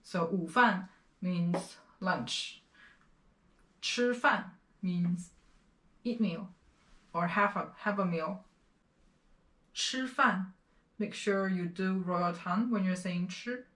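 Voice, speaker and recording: A woman from China teaching a beginner Chinese lesson, explaining words slowly and repeating each pronunciation several times. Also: on the low side, a bit bright, roomy sound. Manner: slow, careful explanations with repeated pronunciation drills.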